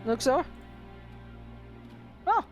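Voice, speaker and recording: A woman's voice: extremely slow, faint music behind. A woman running a tabletop game as game master, laughing often and swearing casually.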